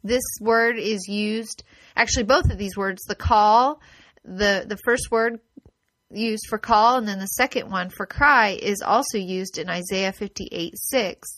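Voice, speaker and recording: A woman's voice: mid-range voice, unhurried, a bit bright. A woman giving a devotional Bible teaching. She reads scripture aloud, then explains it in an earnest, conversational way with small restarts.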